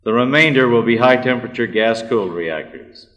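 A man giving a formal technical talk, measured and precise. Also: medium pitch, fairly bright tone. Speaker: speaker giving a technical address. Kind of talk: formal lecture. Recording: long hall reverb.

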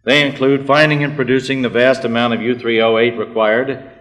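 A man giving a formal technical talk, measured and precise. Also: mid-range voice, level tone, fairly bright tone. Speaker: speaker giving a technical address. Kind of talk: formal lecture. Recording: long hall reverb.

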